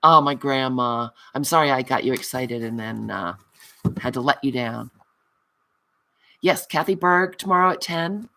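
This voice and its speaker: A woman hosting a craft livestream, chatting casually, reading out viewer comments and answering them with affectionate, giggly warmth. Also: a bass voice, normal speed, gravelly, long pauses, slight background noise. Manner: affectionate, calls viewers honey; giggly and self-mocking. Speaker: crafting channel host.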